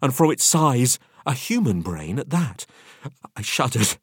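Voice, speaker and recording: A man narrating a first-person tale in an expressive, animated storytelling manner. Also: medium pitch, measured pace, slightly rough, dry recording, clean studio sound. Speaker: audiobook narrator.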